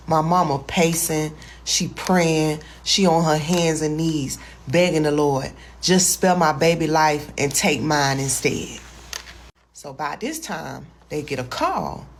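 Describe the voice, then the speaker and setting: A woman's voice: low-pitched, slight background noise. A woman telling a personal story in a folksy, colloquial way. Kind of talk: casual storytime.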